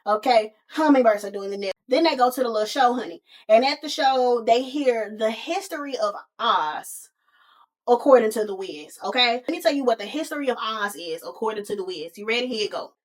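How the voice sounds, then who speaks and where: A podcast host with a higher-pitched voice recaps a movie fairly quickly, sounding casual, slangy, and animated. She talks as though chatting with a close friend.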